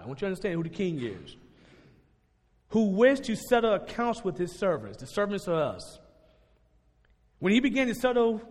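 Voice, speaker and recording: A man preaching a sermon in a lively, conversational way to his congregation. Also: high-pitched. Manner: animated, conversational, laughs and shouts at peaks. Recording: long hall reverb.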